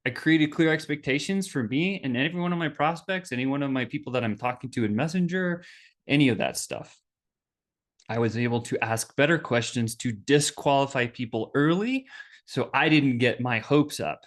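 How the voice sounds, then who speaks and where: A man hosting a business podcast, telling a personal story in a lively, animated way and acting out the voices of the people in it. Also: mid-range voice, normal speed. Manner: animated, acts out quoted voices. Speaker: podcast host.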